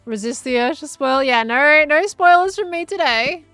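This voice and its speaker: A woman's voice: high-pitched, expressive, moderate pace, fairly bright tone, no room sound, soft background music. A woman chatting casually on a gameplay livestream, reading viewer messages aloud and answering them as she plays. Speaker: streamer.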